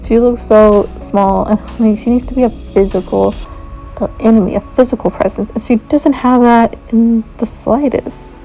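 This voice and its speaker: Woman ranting her review, blunt and fed up, warm higher voice. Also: fairly even intonation, normal speed, faint music behind, low-quality recording. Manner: frank, opinionated, exasperated. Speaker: video reviewer. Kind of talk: casual review rant.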